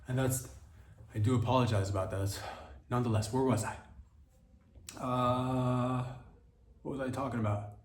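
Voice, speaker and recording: A man's voice: mid-range voice, fairly even intonation, normal speed, long pauses, recorded from a distance, a little hiss or hum. Rambling male podcast host, roomy sound. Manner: rambling, self-interrupting. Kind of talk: rambling comedy monologue.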